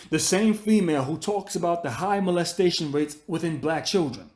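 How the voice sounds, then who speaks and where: A man's voice: on the high side, a little mellow. A man hosting a commentary channel, delivering a profane, scolding rant that circles back on itself and repeats his points. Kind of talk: ranting commentary monologue.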